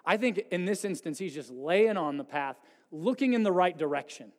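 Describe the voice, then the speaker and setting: High-voiced man preaching in a reverberant hall. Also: animated, normal speed, hardly any pauses. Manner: swings from pleading intensity to hushed quiet. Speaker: pastor. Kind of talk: sermon. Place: church sanctuary.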